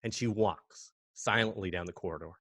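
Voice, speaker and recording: A man from Canada, a podcast guest, telling a spooky story in a casual, animated way and acting out bangs and gasps. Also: low-pitched, a little fast, no room sound, clean studio sound.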